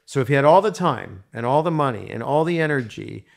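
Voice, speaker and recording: A man being interviewed, telling long stories in a rambling, animated way with many restarts. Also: medium pitch, brisk, gravelly. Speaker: guest. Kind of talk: casual interview storytelling.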